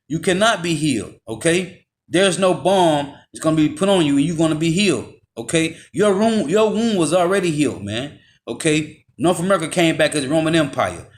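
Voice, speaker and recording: A man preaching a forceful, confrontational sermon, slowing down to read scripture aloud and dropping his voice on tag words. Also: fairly high pitch. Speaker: street preacher. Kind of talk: fiery street sermon with scripture reading.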